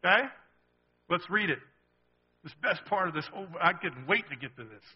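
A high-voiced man preaching with animated, conversational energy, tossing rhetorical questions to his listeners. The sound is dull and lo-fi. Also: a little fast. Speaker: pastor. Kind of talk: sermon.

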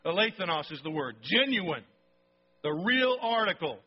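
A man's voice: high voice, very animated, normal speed, husky. A man preaching a sermon in a conversational, emphatic way, often checking in with his listeners. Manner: conversational, emphatic, keeps asking "okay?". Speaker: pastor. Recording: dull lo-fi sound.

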